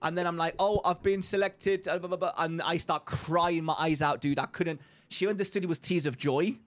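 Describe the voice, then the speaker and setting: A man's voice: fairly high pitch, a little fast. A young man co-hosting a podcast, telling a story in casual chat and acting out the voices of the people he quotes. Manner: animated storyteller who acts out quotes. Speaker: podcast co-host.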